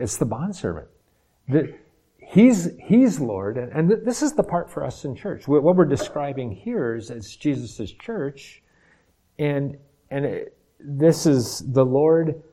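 Pastor, middle-aged man, warm low-key timbre, emphatic sermon delivery with repeated restarts. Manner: emphatic preaching with frequent restarts and repetitions.

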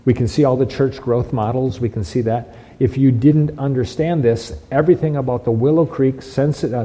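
A man's voice: mid-range voice, mellow, slightly rough, low-quality recording. A man preaching a sermon as pastor, emphatic, repeating phrases and restarting lines.

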